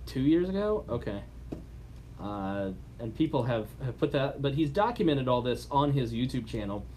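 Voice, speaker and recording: A man co-hosting a podcast in casual chat. His voice sits at an ordinary middle pitch. He talks loosely, stumbling into fillers and restarts. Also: sing-song, moderate pace, a little mellow, slight background noise. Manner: chatty, with frequent restarts and fillers. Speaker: podcast co-host.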